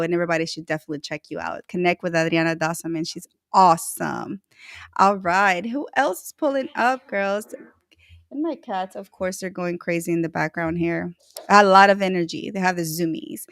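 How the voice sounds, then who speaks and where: A woman hosting a casual livestream, giving bubbly, effusive shout-outs to viewers. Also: on the low side, dry recording. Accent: Latina-flavored American English. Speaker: livestream host.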